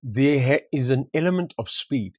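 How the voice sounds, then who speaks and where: A man's voice: medium pitch, expressive, normal speed, a little mellow, no echo. Reflective man talking property, dry sound. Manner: reflective, tells anecdotes, repeats words for emphasis. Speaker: property market co-host. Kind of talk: casual conversation.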